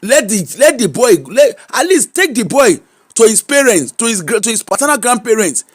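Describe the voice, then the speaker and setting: A woman's voice: on the high side, big pitch swings, normal speed. A Nigerian woman hosting a gossip show, giving casual commentary in an exclamatory way and switching freely between English, Pidgin and Yoruba.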